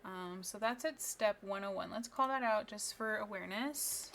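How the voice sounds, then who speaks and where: Chatty bright-voiced woman streamer. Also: mid-range voice, moderate pace, creaky, a little hiss or hum. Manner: chatty, upbeat, talks to viewers. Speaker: live streamer. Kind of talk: casual live-stream chat while building.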